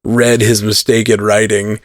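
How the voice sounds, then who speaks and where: A man hosting a podcast in casual chat, laughing often and talking quickly with lots of filler words. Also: on the low side, flat delivery, dry recording, clean studio sound. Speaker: podcast host.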